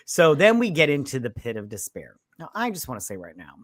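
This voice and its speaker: A man's voice: on the high side, brisk, dry recording, clean studio sound. A man co-hosting a movie review, talking casually, swearing freely and acting out the characters as he retells the plot. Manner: animated retelling, swearing, acts out lines. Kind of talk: casual chat.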